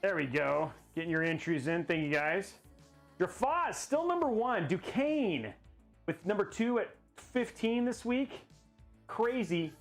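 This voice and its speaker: A man with a fairly high voice chats through a live PC build, rambling and goofing around. He talks straight to his viewers in a loose, unscripted way, with faint music playing behind him. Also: very animated, unhurried. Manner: rambling, goofy, laughs at himself. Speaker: livestream host building a PC. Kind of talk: casual livestream chat.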